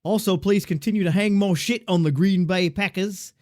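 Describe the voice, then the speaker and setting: A man's voice: high voice, normal speed, darkish tone, voice pushed up, lightly acted. A man reading out a listener's note in a put-on Australian accent, playing a cheeky, foul-mouthed male fan. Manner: cheeky, crude, drawling.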